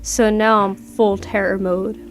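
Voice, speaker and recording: Narrating a first-person creepypasta horror story aloud, a woman speaks in a medium-pitched, level, unhurried voice. Her reading is casual and conversational, full of swearing.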